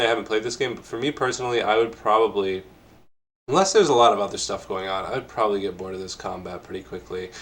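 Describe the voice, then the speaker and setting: A man's voice: lowish voice, slight background noise. A man co-hosting a casual game discussion, rambling and hesitant, with many fillers and restarts. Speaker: podcast co-host. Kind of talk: casual conversation about games.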